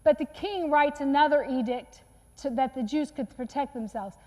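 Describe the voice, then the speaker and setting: High-pitched woman preaching, earnest storytelling, long church echo. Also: normal speed. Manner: earnest storytelling, acts out quotes softly. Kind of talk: sermon retelling a Bible story. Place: church sanctuary.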